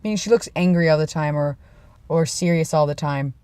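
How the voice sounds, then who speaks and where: Young woman vlogging, lowish voice, rambly and self-mocking, dry close sound. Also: brisk, clear, resonant tone, no echo. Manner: rambling, self-deprecating, drops to a hush for quoted lines. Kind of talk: casual storytelling vlog.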